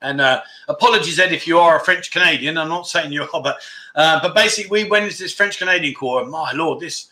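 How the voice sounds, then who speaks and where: His slightly high voice is pushed and bright, and he talks fast. The man, in his fifties, hosts a relaxed livestream where he chats and reads out viewer comments between wandering anecdotes.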